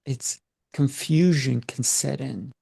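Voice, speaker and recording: Slow gravelly middle-aged man. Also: mid-range voice, mellow, no room sound, studio quality. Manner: deliberate, emphatic, drawn-out words. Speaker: guest. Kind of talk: measured podcast talk.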